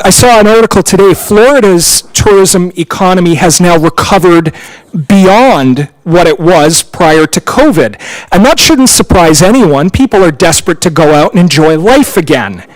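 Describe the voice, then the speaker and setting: A man speaking at a town council meeting, clearly frustrated and impassioned. His voice sits fairly high for a man and is raised in anger as he argues his case. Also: poor audio.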